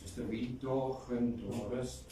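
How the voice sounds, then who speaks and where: A medium-pitched man speaking a little slowly, his intonation fairly even, delivers a warm storytelling eulogy and sings a folk song at a funeral. The big echoey hall is heard from far away, with faint background noise.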